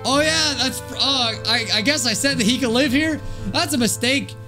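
A man hosting a gaming video, reading a visual novel aloud with animated, jokey commentary. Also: very high-pitched, normal speed. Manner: animated, jokey, reacting loudly. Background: game music.

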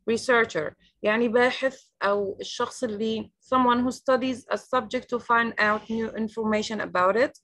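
Woman, Egyptian accent, fairly high voice, online English teacher, patient word-by-word drilling. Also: steady tone, fairly bright tone. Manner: repeats each word slowly and patiently, explains in Arabic. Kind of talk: online language lesson.

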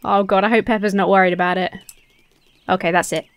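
A woman's voice: medium pitch, fairly even intonation, quick pace, no room sound. A young British woman giving playful, sarcastic commentary while playing a children's game. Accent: British English. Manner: giggly, sarcastic asides. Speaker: let's-play host.

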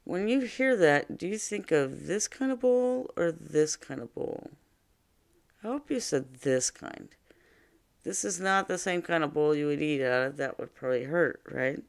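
A woman's voice: sits low, animated, a little slow, vocal fry. A woman teaching a reading lesson to young children, patiently explaining ideas with simple examples.

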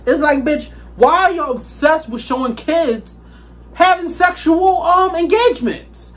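A woman's voice: sits high, unhurried, soft background music. A young woman vlogging casually from her bedroom into a hand-held phone, sassy and slangy, laughing often. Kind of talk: casual chat to camera.

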